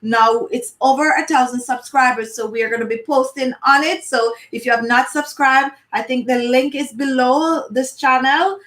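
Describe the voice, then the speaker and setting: A woman's voice: sits high, steady tone, moderate pace, few pauses, fairly bright tone, reverberant. A woman from Jamaica with a Jamaican accent, hosting a beauty channel and chatting live with viewers in a playful, emphatic way. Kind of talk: live chat answering viewers.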